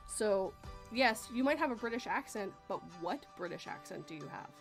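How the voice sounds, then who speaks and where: A woman's voice: medium pitch, big pitch swings, moderate pace, gravelly, music in the background. A woman from Western Canada hosting a casual chat, talking in a rambling way and laughing often. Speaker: host.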